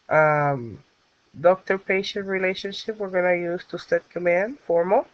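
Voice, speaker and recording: A woman teacher walks through a grammar lesson at an unhurried pace, pausing on fillers as she explains each step. Her voice sits in a mid range, and the recording is dry and dull, with muffled lo-fi sound. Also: on the low side, no room sound. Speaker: Spanish teacher.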